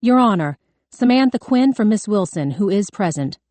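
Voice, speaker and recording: A woman voicing a calm, insistent female defense lawyer in an audiobook. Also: mid-range voice, normal speed, dry recording, lightly acted. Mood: formal.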